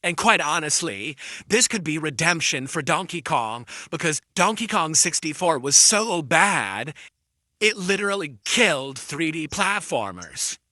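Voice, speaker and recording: A man's voice: fairly high pitch, very animated, measured pace, pushed and bright, no echo, studio quality. A man streaming live, ranting defensively at his critics and insulting them.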